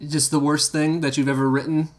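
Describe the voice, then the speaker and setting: A man's voice: fairly high pitch, flat delivery, fairly quick. A man co-hosting a comedy podcast, joking and rambling with fillers. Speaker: podcast co-host.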